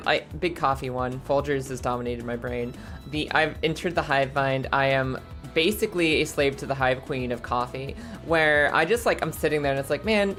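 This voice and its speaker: A woman streaming and chatting casually, her voice a bit hoarse and scratchy, laughing often and rambling. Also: sits low, fairly bright tone. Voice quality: scratchy throat.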